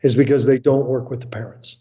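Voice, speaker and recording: This American man talks fast in a mid-range, dark voice with a steady tone, and the audio is dull. Interviewed about being a family counselor, he tells animated stories, blunt and emphatic, acting out what people say.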